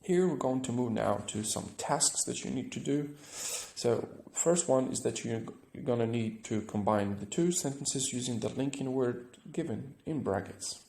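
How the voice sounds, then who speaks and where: A man's voice: medium pitch, a little slow, vocal fry, few pauses, darkish tone, roomy sound. A man teaching an English grammar lesson, explaining step by step and often checking with "right?".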